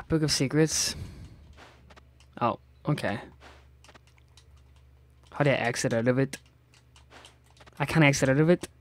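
A young man giving sarcastic, excitable let's-play commentary to his viewers. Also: mid-range voice, takes it slowly, long pauses. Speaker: gaming YouTuber.

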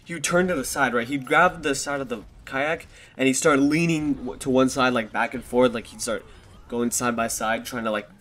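A man's voice: mid-range voice, steady tone, moderate pace, fairly bright tone. Twenties guy rambling thru a storytime vid, swears a ton, laughs at himself, desk mic. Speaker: vlogger. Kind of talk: casual storytelling. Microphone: desktop USB microphone.

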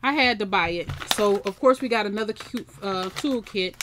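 A woman's voice: mid-range voice, normal speed. Woman vlogger, casual and chatty, faint noise in the background. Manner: chatty, talks to viewers and camera. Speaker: crafting vlogger. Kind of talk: casual unboxing chat.

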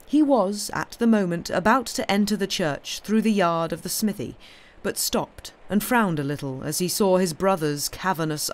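Woman, audiobook reader, measured storytelling, classic short story, livelier lift for dialogue. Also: on the low side. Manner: measured storytelling, voicing characters' lines with raised, livelier delivery. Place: home streaming setup.

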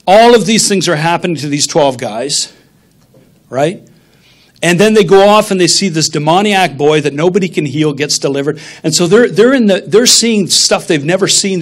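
A man preaching a sermon in a conversational style, often checking in with "okay?" and "right?". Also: a little high. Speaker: pastor. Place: church sanctuary.

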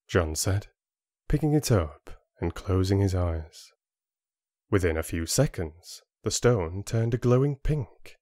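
A man reading an audiobook in a steady storytelling manner into a close studio mic. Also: deep voice, slow, no echo. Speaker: audiobook narrator. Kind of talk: scripted audiobook narration.

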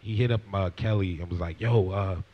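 A man as an interview guest, talking in a loose, profane way, full of fillers, dropping to a mumble and then rising into excitement. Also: deep voice, quick pace. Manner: loose and profane, many fillers, trails off quietly then gets loud and excited. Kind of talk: casual interview chat. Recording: muffled lo-fi audio.

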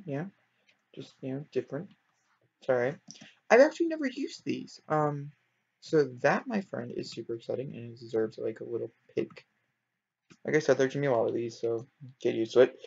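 A man chatting casually over his game, excitable and rambling, his voice leaping up high when something thrills him. His voice has a gravelly, husky edge. It comes through a dull, lo-fi home mic. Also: normal speed, pauses often. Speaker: gaming video creator.

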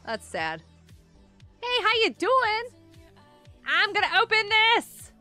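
Bubbly high-voiced woman streaming a game. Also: wildly swooping pitch, takes it slowly, bright, forceful tone, no room sound, faint music behind. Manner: bubbly, exclaims and laughs often, talks to chat. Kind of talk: casual live game stream chat.

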